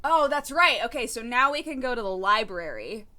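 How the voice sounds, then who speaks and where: A woman chatting casually with her stream while she plays, self-deprecating and quick to laugh. Her voice is bright and clear. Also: fairly high pitch, lively intonation. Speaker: game streamer. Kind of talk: casual live-stream chat while playing.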